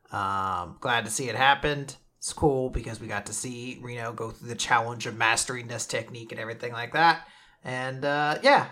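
A man's voice: mid-range voice, pushed and bright. A man casually chatting on a podcast about a manga chapter, enthusiastic and loose with swearing. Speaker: podcast co-host.

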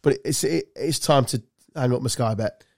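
A man's voice: medium pitch, moderate pace, gravelly, a little mellow, no room sound, clean studio sound. A man co-hosting a podcast, telling loose, sweary, laughing stories in casual banter. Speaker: podcast co-host.

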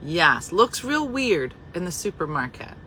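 A woman hosting a casual chat, talking animatedly and dropping into hushed asides. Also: fairly low pitch, big pitch swings, unhurried, slight background noise, poor audio. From New Jersey. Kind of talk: casual chat reacting to comments.

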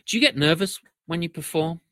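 A man's voice: fairly high pitch, brisk, a bit bright. A man hosting an interview over a remote call, asking questions in a friendly, agreeable way. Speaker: interview host. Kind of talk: interview conversation. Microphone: remote call with delay.

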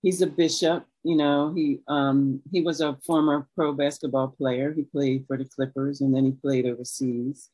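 Low, husky woman telling a story. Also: level tone, moderate pace, few pauses, mellow, no room sound, rough recording. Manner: chatty, laughs often, acts out quotes. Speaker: podcast guest. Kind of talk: casual storytelling.

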